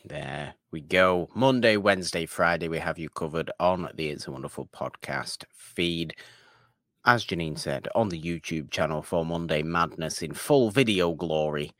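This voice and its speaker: A man's voice: low-pitched, moderate pace, a bit bright, no room sound, studio quality. A man co-hosting a podcast in casual chat, wordy and mock-formal, teasing his co-host.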